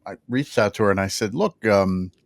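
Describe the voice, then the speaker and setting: A man co-hosting a podcast livestream, talking casually in a halting, rambling way. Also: on the low side, fairly even intonation, no room sound, studio quality. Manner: rambling, halting, many restarts. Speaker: podcast co-host.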